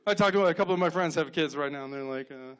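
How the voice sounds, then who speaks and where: A man in his thirties performs a stand-up set on a club stage, his voice sitting a bit high for a man. He tells deadpan stories into a handheld mic and slips into quick acted-out quotes. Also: clean tone. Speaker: stand-up comedian.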